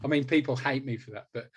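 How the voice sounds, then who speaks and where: A man's voice: mid-range voice, slightly rough. A man in his sixties, a hypnotist guest in a conversational interview, talking emphatically and repeating words for stress.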